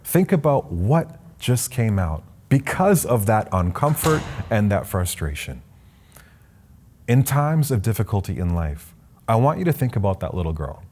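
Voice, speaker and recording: A man's voice: lowish voice, big pitch swings, a little slow, a little mellow, a little hiss or hum. A young man from Canada, a spoken word poet, giving a motivational address and reciting poetry with rhythmic sweeping rises and falls.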